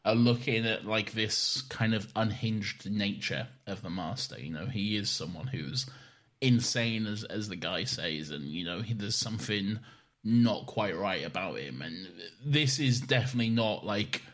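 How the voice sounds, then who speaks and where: A man co-hosting a podcast in relaxed, easygoing chat, peppered with "like" and "you know.". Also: lowish voice, unhurried. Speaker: podcast co-host. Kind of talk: casual chat.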